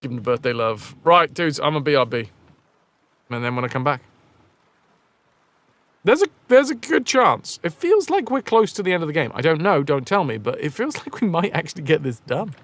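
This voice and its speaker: A man's voice: fairly high pitch, sing-song, a little fast, fairly bright tone, dry recording. A man streaming a retro game, chatting with viewers, joking, swearing and thinking aloud as he plays. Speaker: livestream gamer. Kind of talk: casual gameplay chat to stream viewers.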